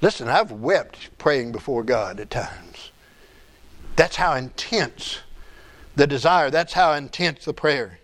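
A man's voice: medium pitch, expressive, slow, fairly bright tone. A middle-aged man preaching a sermon as pastor, building emphasis and adding asides to the congregation.

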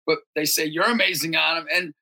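A youth ministry leader and basketball coach tells stories in an animated interview, his voice brisk and creaky. He often breaks into shouts and high-pitched voices.

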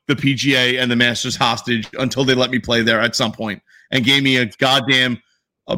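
A man's voice: mid-range voice, pushed and bright. A man co-hosting a sports podcast, talking casually and animatedly, swearing freely. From New York area. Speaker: podcast co-host.

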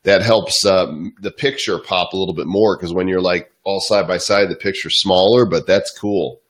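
A man dropping in as a guest, relaxed and friendly in casual chat. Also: sits low, normal speed.

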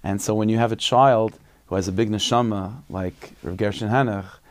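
A man, a rabbi, telling a story in a relaxed, conversational sermon with frequent fillers. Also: fairly low pitch, moderate pace, no room sound.

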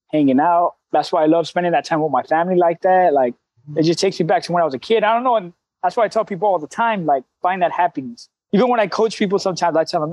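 Guest, man, thirties, high and dry, blunt street talker who cusses freely. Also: darkish tone, dry recording, rough recording. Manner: candid, streetwise slang, frequent cussing. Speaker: CrossFit coach, guest. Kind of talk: casual interview talk.

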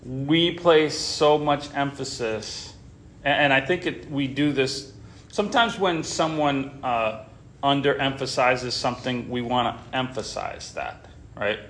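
A man's voice: medium pitch, a little slow, fairly bright tone, slight background noise. A man teaching a Bible class in an informal way, often stopping short, restarting and repeating words as he talks.

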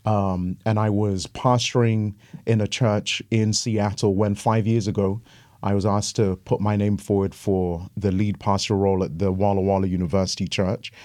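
A man with an English accent, a pastor chatting as a guest in an interview and telling animated, joking stories. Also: fairly low pitch, normal speed, no echo, clean studio sound. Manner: animated, joking storyteller who laughs often.

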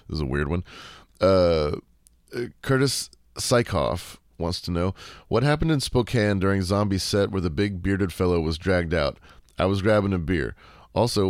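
A man's voice: deep voice, no room sound, studio quality. A man hosting a casual solo Q&A podcast, laid-back and sarcastic, swearing freely and rambling with lots of fillers and restarts. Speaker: podcast host.

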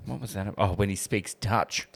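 A man's voice: lowish voice, steady tone, normal speed, vocal fry. A man co-hosting a podcast, chatting casually with short replies and dry jokes. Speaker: podcast co-host. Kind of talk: casual chat.

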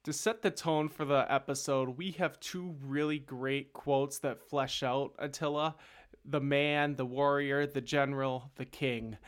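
Smooth-voiced man hosting a history chat. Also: mid-range voice, steady tone, unhurried. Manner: chatty, lots of fillers and hedges. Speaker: podcast host. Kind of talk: casual history podcast chat.

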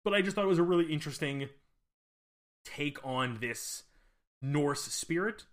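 A man's voice: on the high side, animated, normal speed. A man co-hosting a podcast, talking casually in a rambling, hesitant way with lots of fillers and restarts. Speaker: podcast co-host.

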